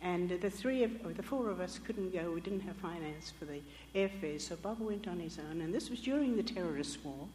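A woman's voice: on the low side, lively intonation, a little fast, darkish tone, a little hiss or hum. An older woman telling a missionary testimony as a sermon, storytelling vividly and acting out the voices she quotes. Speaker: missionary speaker. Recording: echoey hall with long reverb.

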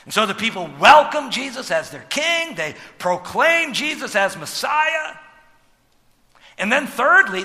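A man preaching a sermon as pastor, emphatic, posing rhetorical questions and swinging sharply between loud and soft. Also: sits high. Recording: long hall reverb.

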